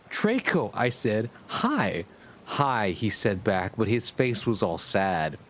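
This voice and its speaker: A man's voice: lowish voice, slight background noise. A man streaming live, reading fanfiction aloud and breaking off to chat to his viewers, amused and often profane.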